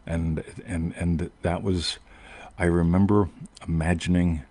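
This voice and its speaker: An American man hosts a podcast, telling a long personal story in a rambling, casual way. He keeps interrupting himself and often asks "right?" His voice is low and mellow, with a level tone and measured pace.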